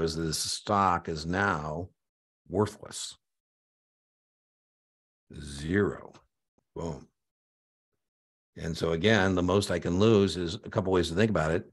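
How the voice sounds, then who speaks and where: A man teaching exam prep in a live online lecture, energetic and conversational, punctuating his points with "boom.".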